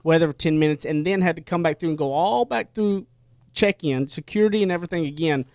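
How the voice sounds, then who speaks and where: A man's voice: fairly high pitch, fast talker, a little mellow, no echo. A man hosting a casual radio talk show, telling stories with lots of energy and frequent restarts. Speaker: host.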